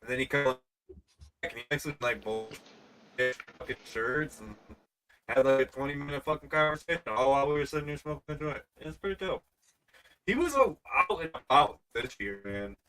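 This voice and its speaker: A man's voice: medium pitch, expressive, a little fast, bright, forceful tone, slight background noise, rough recording. A man chatting casually in a laid-back way, with filler words like "uh" and "man". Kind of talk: casual chat.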